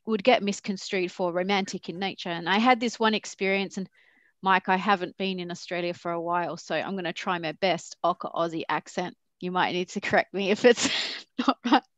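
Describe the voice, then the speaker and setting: A woman's voice: mid-range voice, a little fast, dry recording. A woman who founded a company speaks as a panelist, sharing candid, reflective stories and acting out the dialogue she quotes. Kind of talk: conversational panel talk with personal stories.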